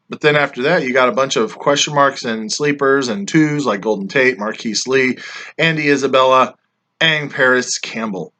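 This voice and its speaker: Bright-voiced man teasing his buddies. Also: mid-range voice. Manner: teasing, rambling, trails off quietly at line ends. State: voice getting worn. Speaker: fantasy football league member reviewing drafts. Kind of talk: casual chat grading friends' teams.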